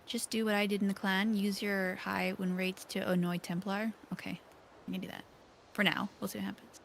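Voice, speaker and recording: A woman chatting quietly and hesitantly while learning a game, with playful asides. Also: medium pitch, level tone, a little fast, creaky, slight background noise. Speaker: new player. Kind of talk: casual gaming stream chat.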